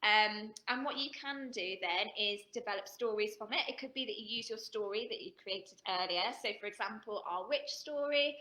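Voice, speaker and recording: A woman's voice: mid-range voice, normal speed, hardly any pauses, sharp tone. A woman leading a children's team games workshop, chatty and giggly, explaining games in an upbeat way. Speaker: workshop leader. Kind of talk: playful workshop demonstration. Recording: echoey room.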